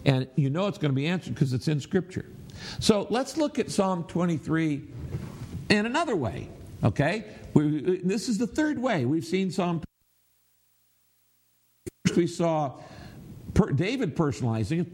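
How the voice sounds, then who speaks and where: A man's voice: a little high, animated, unhurried, darkish tone, a little hiss or hum. A middle-aged man preaching a sermon, teaching in an earnest, emphatic way with prayerful asides. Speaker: pastor.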